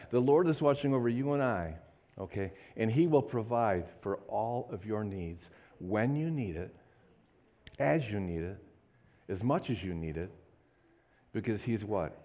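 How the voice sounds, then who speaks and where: A man's voice: lowish voice, darkish tone. A man preaching a sermon to a congregation, fervent, repeating phrases and calling out to the room. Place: church service.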